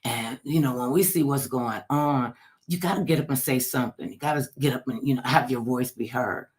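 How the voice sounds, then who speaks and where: Animated woman talk show host. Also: a bass voice, brisk. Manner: animated comic storyteller, acts out quoted voices. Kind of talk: casual interview chat.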